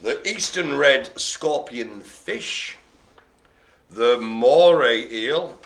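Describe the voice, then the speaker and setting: A man's voice: mid-range voice, lively intonation, very slow. A man hosting a live bingo game, playful and punning, laughing often. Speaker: bingo host. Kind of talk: jokey live bingo calling. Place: care home activity room.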